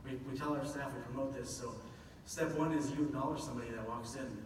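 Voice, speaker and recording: A man's voice: mid-range voice, fairly even intonation, fast talker, a little hiss or hum. A man giving an earnest, explanatory public talk about his office's work, with a few self-deprecating asides. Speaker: public speaker from a government office. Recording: echoey hall from far off.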